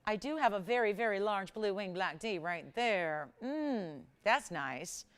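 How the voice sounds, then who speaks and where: A woman hosting a live shopping channel, chatty and animated as she pitches jewelry and prices. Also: clean tone. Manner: animated, chatty, sells with rapid price talk. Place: television studio.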